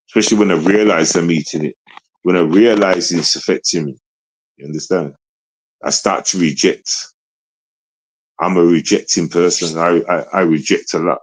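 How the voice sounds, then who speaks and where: Profane, rambling low-voiced male streamer. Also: breathy edge, poor audio. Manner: repetitive, profane, keeps asking "you understand?"; confrontational, swings between low mutter and raised voice. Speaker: livestreamer. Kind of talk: rambling livestream monologue.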